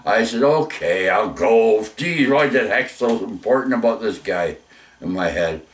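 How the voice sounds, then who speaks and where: A man's voice: on the low side, lively intonation, a little slow, far from the mic. A man telling rambling personal stories, full of restarts, mild swearing and "eh?" tags.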